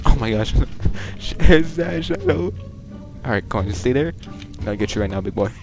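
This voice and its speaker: A young man giving casual, profane, joking commentary while playing a game online, rambling and bursting into loud excitement. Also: on the low side, a little fast, music in the background. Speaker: gaming video creator.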